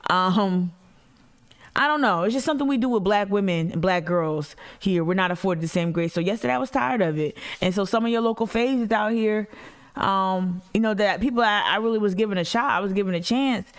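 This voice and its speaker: A woman's voice: medium pitch, fairly quick, clear, resonant tone. A woman hosting a casual livestream, blunt and emphatic, slangy, and talking straight to her chat. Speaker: activist livestream host.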